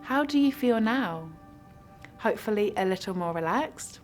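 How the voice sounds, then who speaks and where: A woman guiding a mindfulness practice with slow, soothing instructions. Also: medium pitch, animated, soft background music. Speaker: mindfulness guide. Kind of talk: guided meditation.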